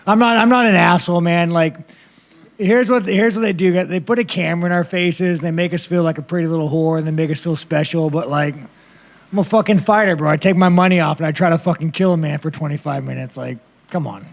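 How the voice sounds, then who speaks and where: Gravelly, blunt, profane fighter. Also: male voice, fairly high pitch, fairly even intonation, brisk. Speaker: fighter at a press conference. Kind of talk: casual press conference answers.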